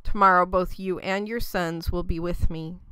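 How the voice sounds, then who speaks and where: The spirit of an old prophet, stern and grave, called up from the dead, read by a woman. The voice is lowish, smooth and clear, close and dry. It is a scripture reading that hardly changes her own voice. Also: fairly even intonation, moderate pace, bright, forceful tone, dry recording.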